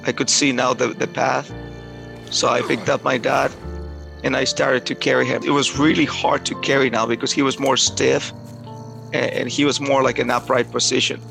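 A man telling a personal story aloud in a halting way, often repeating words and restarting. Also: mid-range voice, little pitch movement, creaky, over music, low-quality recording.

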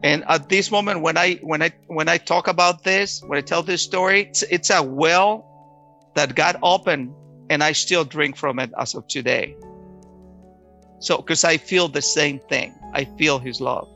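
Gravelly, bright-voiced man giving testimony. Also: on the high side, muffled recording, soft background music. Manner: emotional, halting with restarts. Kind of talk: personal testimony.

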